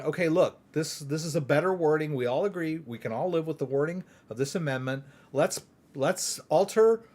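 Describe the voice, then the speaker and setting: A middle-aged man from Texas hosting a live crypto Q&A stream, chatty and rambling, often tagging his points with "right?". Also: a little high. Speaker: crypto channel host.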